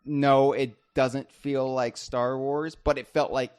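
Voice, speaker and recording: A man's voice: medium pitch, level tone, slow, darkish tone, clear, resonant tone. Jokey man thinking aloud on a podcast. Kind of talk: casual podcast discussion.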